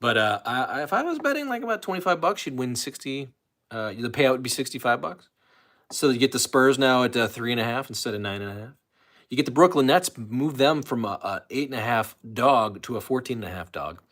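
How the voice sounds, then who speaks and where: A man chats loosely on his live stream and drifts from topic to topic as he reads out viewers' comments. His pitch swings up and down a lot around a medium voice. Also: animated, a little fast, fairly bright tone. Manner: rambling, chatty, reads chat comments aloud. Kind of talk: casual live stream chat.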